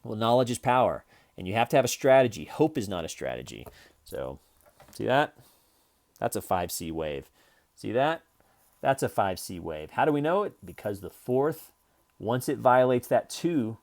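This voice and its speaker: Male trading instructor, low-pitched, casual and wandering, records from his computer. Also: sing-song, normal speed, gravelly, darkish tone. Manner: loose, jokey, rambling with fillers and restarts. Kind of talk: casual screen-share trading lesson.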